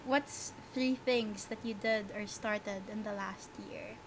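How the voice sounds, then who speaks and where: A woman's voice: mid-range voice, steady tone, takes it slowly, a little hiss or hum, poor audio. A young woman co-hosting a casual podcast, chatty and full of filler words. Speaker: podcast co-host. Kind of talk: casual chat.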